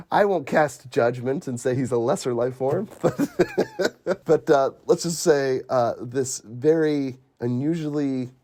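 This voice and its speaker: A man's voice: medium pitch, wildly swooping pitch, takes it slowly, darkish tone. A man hosting a casual podcast movie chat, retelling scenes with frequent laughter. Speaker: podcast host.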